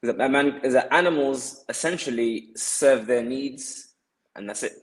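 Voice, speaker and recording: Earnest man explaining, mid pitch. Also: unhurried, poor audio. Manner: earnest, explaining, many restarts and repeated words. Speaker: podcast guest. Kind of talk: explanatory podcast talk.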